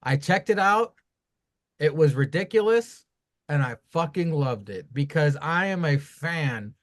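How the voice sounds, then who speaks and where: A man co-hosting a casual wrestling review podcast, talking in a profane, animated, rambling way. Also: a little high, unhurried. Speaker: podcast co-host.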